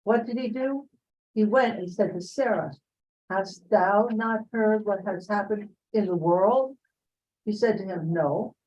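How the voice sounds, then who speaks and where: A woman reads a passage aloud in a study session, steady and careful. Her voice sits at an ordinary middle pitch. The recording sounds dull and lo-fi. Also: a little slow. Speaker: participant reading a text aloud. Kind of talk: reading a text aloud in study.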